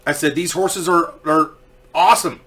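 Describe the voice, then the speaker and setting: A man's voice: on the high side, moderate pace. A man casually telling a story, swearing freely and acting out what people said. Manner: profane, animated, acts out quoted voices.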